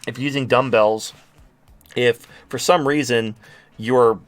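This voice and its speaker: A man's voice: medium pitch, fairly even intonation, measured pace, soft background music. A man hosting a livestream show, ranting in a profane, sarcastic, rambling way. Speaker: show host. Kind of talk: livestream rant.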